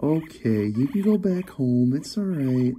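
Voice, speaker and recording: Man, pet owner, cooing pet talk, chuckling, lively swooping pitch, slow pace. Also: a little hiss or hum. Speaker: guinea pig owner and channel host. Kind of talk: talking affectionately to a pet while brushing it.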